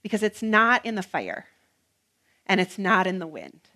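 A woman preaching a sermon, earnest and emphatic, with rhythmic repetition and some soft, hushed passages. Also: medium pitch, big pitch swings, unhurried.

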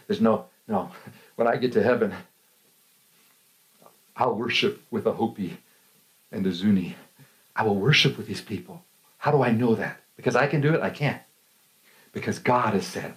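A middle-aged man preaching a sermon, telling stories with frequent laughter and lively swings in his voice. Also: on the low side, normal speed, long pauses. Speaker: pastor.

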